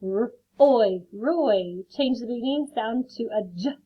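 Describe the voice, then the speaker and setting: A woman's voice: fairly high pitch, measured pace, breathy edge. A woman teaching a phonics lesson to children, carefully sounding out words and adding friendly chatty asides. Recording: phone-like lo-fi audio.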